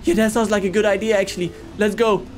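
A man hosting a let's-play gaming video, narrating with excitable, panicky yelps and jokes. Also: high voice, fast talker. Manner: excitable, panicky yelping and joking.

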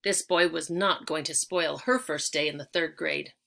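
A woman's voice: low-pitched, normal speed, creaky, sharp tone. A woman reading a children's chapter book aloud, telling it expressively and lingering on key words. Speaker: audiobook reader.

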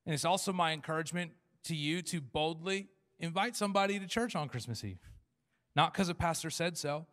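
Pastor in a reverberant church. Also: male voice, fairly high pitch, brisk, a bit bright. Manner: humorous, acts out short dialogues. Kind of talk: sermon. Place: large church hall. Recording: long church hall reverb.

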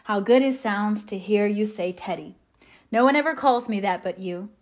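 A woman's voice: mid-range voice, normal speed, natural voice. A woman reading aloud, voicing a playful, mischievous young married man in a light teasing tone. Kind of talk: audiobook reading.

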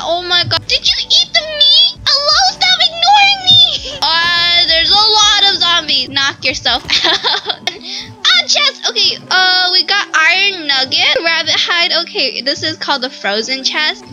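A woman giving excitable let's-play commentary as she plays, often squealing and laughing as things happen. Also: very high-pitched, low-quality recording. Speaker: gaming video host. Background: background music.

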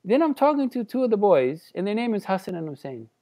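A man on a religious panel show, sharing a heartfelt memory in a halting way with many restarts. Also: high voice, very animated, mellow. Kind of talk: personal reflection in a panel discussion.

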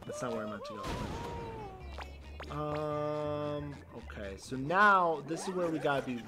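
A male streamer giving casual gameplay commentary on a desk mic, excitable and swearing in bursts. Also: fairly high pitch, measured pace. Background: game music.

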